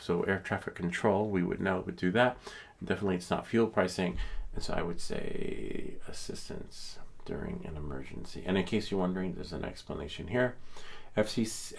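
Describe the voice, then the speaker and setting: Gravelly low-voiced man reviewing exam questions. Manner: reads questions aloud with offhand joking asides. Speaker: drone exam tutor. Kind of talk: casual exam walkthrough.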